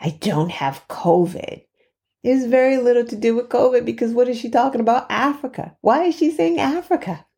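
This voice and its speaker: A woman podcast host with a slightly high, mellow voice tells a story in a casual, chatty manner. She laughs between phrases and pauses for effect.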